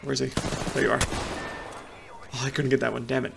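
A man giving excitable, panicky live commentary on his own gameplay, muttering to himself between outbursts. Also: medium pitch, quick pace, gravelly, noisy background. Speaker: gameplay streamer. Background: loud gunfire from the game.

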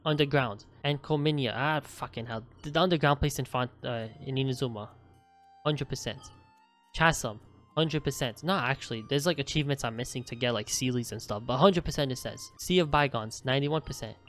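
A man's voice: mid-range voice, a little fast, a bit bright, faint music behind. A young man hosting a gaming channel, casually reading out his game account stats in a chatty, offhand way and swearing now and then.

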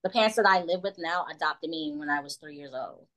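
A young woman chatting as a podcast guest, giggly and animated, often dropping into quoted voices. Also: low-pitched, brisk, poor audio. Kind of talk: casual chat on a call.

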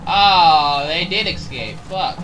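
A young man giving casual gameplay commentary, excitable, swearing and shouting at enemies. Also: a little high, takes it slowly, lo-fi sound, faint music behind. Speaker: gaming channel host.

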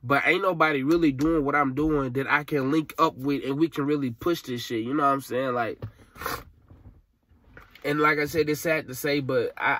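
Young dude from venting, teary, cussing, rambling, mid voice, dry sound. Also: male voice, medium pitch, steady tone, moderate pace, pushed and bright, no room sound. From Alabama, USA. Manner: frustrated, rambling, profane, slangy. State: tearful. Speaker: vlogger. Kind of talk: emotional vent to camera.

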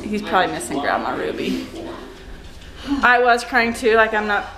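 Chatty young mom, echoey home. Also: female voice, medium pitch, very animated, normal speed, a crowd in the background. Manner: chatty and giggly, full of "like" fillers. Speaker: family vlogger. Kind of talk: casual family vlog. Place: busy family home with children.

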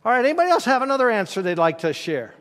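Speaking from the pulpit, this male pastor keeps his sermon folksy and conversational, breaking off to ask the congregation questions. His voice is markedly high for a man, a little bright, with a sing-song lilt. The recording has the lingering echo of a church sanctuary.

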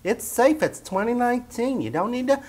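A man voicing his pet as a cheeky, teasing little creature in a high squeaky put-on voice. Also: animated, moderate pace, darkish tone.

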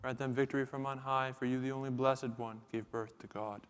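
A man chanting psalms at a church liturgy in a steady, unwavering monotone. His voice is smooth and resonant at a middle pitch. The long reverb of the church hangs after every phrase. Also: fairly quick.

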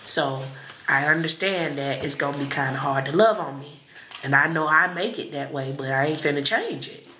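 A woman reading and chatting on a live stream, blunt and profane, with sudden shouts and laughs. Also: deep voice, moderate pace, echoey room, a little hiss or hum. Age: adult with children. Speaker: psychic reader on a live stream. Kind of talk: casual live-stream talk.

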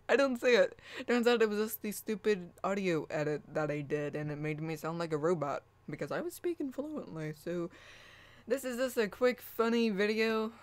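A woman hosting her own channel, chatting casually, laughing often and restarting her sentences. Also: lowish voice. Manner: laughing, rambling, with repeated restarts. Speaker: channel host. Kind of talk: casual vlog chat.

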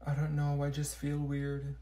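A man voicing a gloomy teenage schoolgirl who speaks quietly and slowly in a sullen way, in a comedy skit. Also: fairly high pitch, completely flat delivery. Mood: sulky.

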